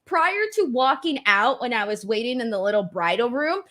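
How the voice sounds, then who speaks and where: Young female host, bright tone, chatty, laughs a lot. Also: a little high, big pitch swings, moderate pace. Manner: laughs often, reads out viewer comments. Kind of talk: casual chat.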